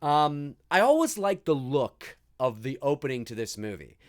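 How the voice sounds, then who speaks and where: A man's voice: medium pitch, big pitch swings, normal speed. A man hosting a live movie commentary stream, talking in a rambling, easygoing way and swearing freely.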